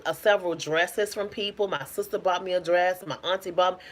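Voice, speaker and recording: Woman healer, lowish voice, emphatic and colloquial motivational talk to camera. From United States. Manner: preachy, emphatic, animated exclamations; colloquial, laughs often. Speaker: spiritual healer and sexologist.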